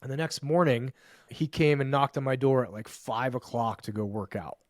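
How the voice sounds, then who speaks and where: Male podcast guest, men's coach, average pitch, dry close sound, punchy profane storyteller. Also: steady tone, no echo. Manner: emphatic, profane, fast-building lists. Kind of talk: animated storytelling in conversation.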